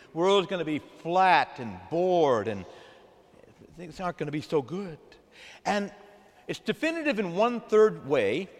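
A man preaching a sermon to a congregation, animated, drawing them into call-and-response. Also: high-pitched. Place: church. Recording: long hall reverb.

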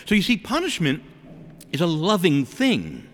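Male preacher giving a sermon, expressive swooping delivery, asks the congregation questions, big reverberant room. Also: fairly high pitch, measured pace. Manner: animated, with rhetorical questions to the congregation.

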